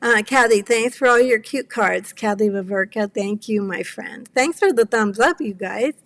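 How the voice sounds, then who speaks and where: Brief: woman in her 70s, craft stream host, a bit high and gravelly, apologetic chat, teary edge. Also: normal speed, a bit bright. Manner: apologetic, rambling, greets chatters by name. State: near tears. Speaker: cardmaking livestream host. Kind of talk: casual chat with live viewers.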